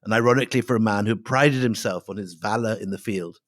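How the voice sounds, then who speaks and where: A man's voice: fairly low pitch, quick pace, dry recording, clean studio sound. A middle-aged man co-hosting a history podcast, telling the story with dramatic flair and reading quotes aloud.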